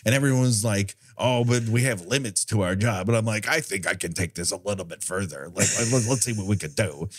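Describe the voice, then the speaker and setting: A man's voice: fairly low pitch, fairly quick, few pauses, natural voice. A man voicing a cocky, boundary-pushing male demon in a seasoned old-guy voice, rambling and profane. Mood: smug. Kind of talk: improvised comedy bit.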